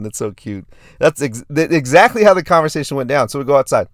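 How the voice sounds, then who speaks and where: A man's voice: on the high side, expressive, fairly quick, no echo, clean studio sound. A man in his thirties hosting a fitness podcast, telling a story in a hyped, repetitive way. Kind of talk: casual podcast monologue.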